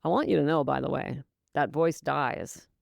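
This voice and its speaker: A woman's voice: very deep voice, steady tone, unhurried, vocal fry, dry recording, studio quality. A woman hosting a solo sobriety-coaching podcast, talking emphatically and encouragingly to her listener, calling them babe. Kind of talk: motivational solo podcast talk.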